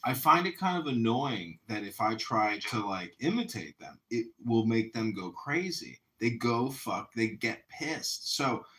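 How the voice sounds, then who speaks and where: A man's voice: mid-range voice, big pitch swings, unhurried, hardly any pauses, pushed and bright. A man arguing a point in a casual audio chat room, emphatic and insistent. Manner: argumentative, emphatic.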